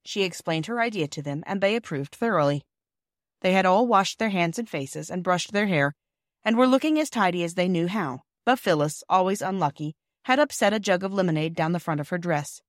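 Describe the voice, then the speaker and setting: A woman reading a classic children's novel aloud in a gentle storytelling manner. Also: lowish voice, lively intonation, a little fast, no echo, studio quality. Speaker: audiobook reader. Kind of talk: scripted narration.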